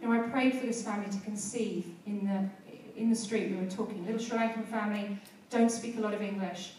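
A woman's voice: medium pitch, steady tone, a little fast, darkish tone, slight background noise. Woman preaching in an echoey hall. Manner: conversational storytelling, rising to fervent exhortation. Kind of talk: sermon with prayer. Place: church hall. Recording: very echoey church hall, heard from a distance.

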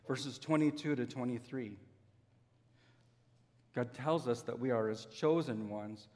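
Male pastor, earnest sermon delivery with slow emphasis, slightly high voice, long hall reverb. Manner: earnest, with slow drawn-out emphasis and homely examples.

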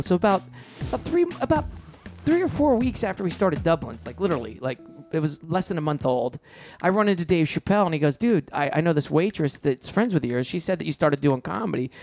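A middle-aged man telling stories in a casual interview, animated and quick, acting out quoted lines in a raised voice. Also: on the high side, no echo, studio quality, soft background music. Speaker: comedian and show producer, guest. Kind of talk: casual storytelling in a podcast interview.

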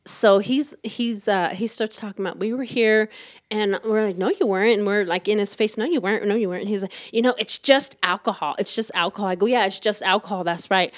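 A woman's voice: mid-range voice, a little fast. Woman telling a story on a podcast. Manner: acts out dialogue in voices, lots of quoting. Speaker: podcast host.

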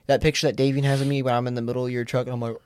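A man's voice: mid-range voice, flat delivery, rapid-fire, a little mellow. A young man in casual podcast chat, rambling, swearing a lot and laughing often. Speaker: podcast guest.

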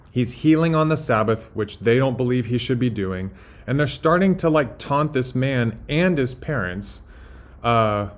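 A man in a mid-pitched voice hosting a casual Bible study podcast. He talks in a relaxed, rambling way with lots of fillers, now and then switching to a crisper, more emphatic delivery. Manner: relaxed, filler-heavy storytelling. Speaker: podcast host.

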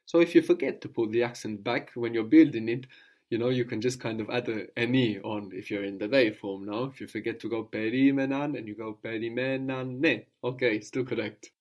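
A man with a mid-pitched voice gives a language lesson. He explains the grammar patiently, one step at a time, and keeps stopping to prompt his student for the next answer. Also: fairly even intonation, a little fast, a little mellow. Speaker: language teacher.

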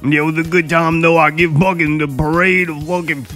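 A man's voice: fairly high pitch, level tone, fairly quick, fairly bright tone. A man calling into a show, telling crude stories and cackling after nearly every line. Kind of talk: crude comedy call-in. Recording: music playing under the voice.

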